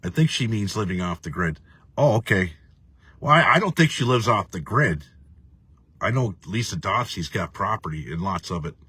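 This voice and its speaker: A man's voice: deep voice, lively intonation, moderate pace, sharp tone, breathy edge, no echo. A man hosting a casual live stream, rambling and profane, reading viewer comments and laughing often. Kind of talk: casual ranting live chat.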